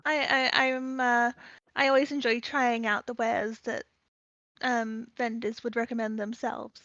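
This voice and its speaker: Woman player, courteous and wordy, somewhat high voice, dull dry lo-fi mic. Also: level tone, a little slow, a bit bright, no echo. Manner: polite, rambling, courteous in-character shopper. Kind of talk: playing a tabletop game.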